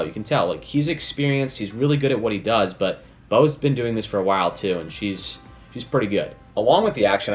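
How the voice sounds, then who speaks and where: Chatty low-voiced man reviewing an episode. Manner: chatty, enthusiastic, leans on "basically" and "like". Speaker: video reviewer. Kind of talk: casual spoiler review commentary.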